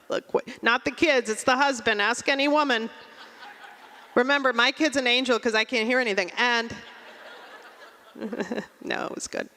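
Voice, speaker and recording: Brief: dry, deadpan stand-up woman, bright voice, long reverb of a live venue. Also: fairly high pitch, measured pace, pauses often. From Russia. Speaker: stand-up comedian. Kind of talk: stand-up comedy set.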